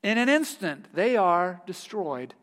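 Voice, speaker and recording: High-voiced male pastor in a reverberant hall. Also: big pitch swings, a little slow, a bit bright. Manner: storytelling, laughs heartily while telling anecdotes. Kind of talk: sermon.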